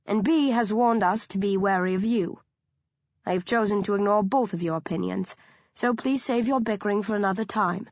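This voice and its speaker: A woman voicing a calm, courteous older male doctor who speaks softly and formally. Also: medium pitch, moderate pace, no room sound, lo-fi sound, lightly acted. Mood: gentle. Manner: soft-spoken, formal.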